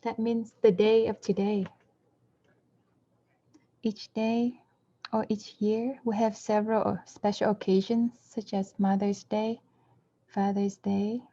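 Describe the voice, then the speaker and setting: A woman interprets a Buddhist dharma talk in a mellow, unhurried voice, speaking in short, careful phrases and sometimes correcting herself mid-word. The recording is dull and somewhat lo-fi. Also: medium pitch, level tone. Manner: measured, short phrases with occasional self-corrections.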